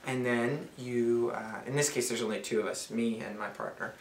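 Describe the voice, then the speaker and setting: A man's voice: medium pitch, steady tone, moderate pace, slight background noise. A man casually explaining the rules of a card game, playful and rambling, with lots of fillers. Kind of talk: casual demonstration. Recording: roomy echo.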